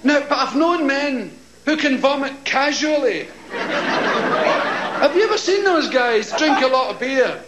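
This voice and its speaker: A man doing stand-up, telling a profane story in an animated way and shouting out impressions. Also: very high-pitched, slow, heavy background noise. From Scotland. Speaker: stand-up comedian. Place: large theatre stage. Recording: echoey live theatre with loud crowd.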